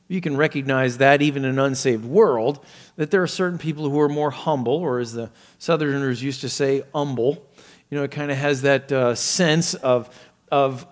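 A man preaching a sermon, earnest and measured, teaching through a passage with occasional fillers and restarts. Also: on the high side, long reverb tail. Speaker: pastor.

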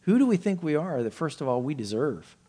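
A man's voice: sing-song, a little fast. Man preaching, acting out the quoted pleas. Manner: expository preaching, acting out quoted pleas with sudden jumps in pitch and loudness. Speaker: pastor. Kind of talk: sermon.

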